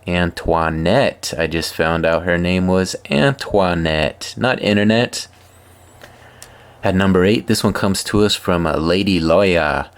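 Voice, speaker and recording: Deep-voiced man reading funny posts. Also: slow, smooth. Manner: wry deadpan asides between readings. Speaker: host reading viewer posts. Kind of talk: comedic reading of social media posts.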